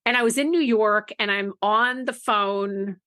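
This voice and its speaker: A woman telling an anecdote in casual podcast talk, chatty and animated, often laughing between phrases. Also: medium pitch, unhurried. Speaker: book marketing guest.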